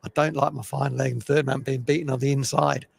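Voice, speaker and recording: An older man giving chatty, opinionated live cricket commentary, with a gravelly voice. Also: medium pitch, level tone, a little fast, slight background noise. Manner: chatty, opinionated, self-deprecating.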